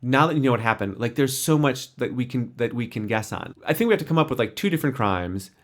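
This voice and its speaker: A man's voice: mid-range voice, animated, fast talker. A young adult man co-hosting a podcast, animatedly retelling a TV episode and acting out the characters' lines. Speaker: podcast co-host. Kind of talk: casual chat recapping a TV episode.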